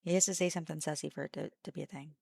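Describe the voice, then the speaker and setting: A woman co-hosting a casual gaming livestream, laughing loudly, swearing freely and teasing her partner in mock anger. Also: sits low, fairly even intonation, very fast, vocal fry, husky, no room sound, studio quality. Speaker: streamer and co-host. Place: home streaming setup.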